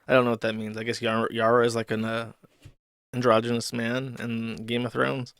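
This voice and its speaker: A man's voice: medium pitch, completely flat delivery, a little fast, fairly bright tone, clear, resonant tone, no room sound, studio quality. A male host giving sardonic, profane live-stream commentary while reading chat aloud.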